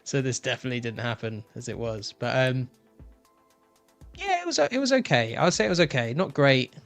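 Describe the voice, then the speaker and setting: A man on a panel show giving his opinion slowly, hesitating with lots of ums. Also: medium pitch, sing-song, vocal fry, faint music behind. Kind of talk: casual panel chat.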